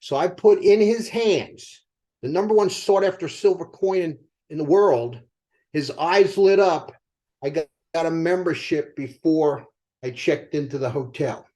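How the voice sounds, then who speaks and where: High-voiced older man telling sales stories. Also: a little slow. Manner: animated storyteller asking the audience rhetorical questions. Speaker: company co-founder speaking to sales team. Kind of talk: motivational sales storytelling.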